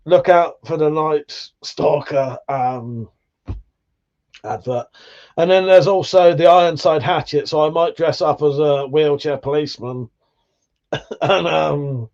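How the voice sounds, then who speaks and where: A man's voice: on the high side, a little slow, pauses often, darkish tone, highs cut off. A man hosting a casual livestream chat, rambling, swearing freely and laughing often. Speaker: livestream host.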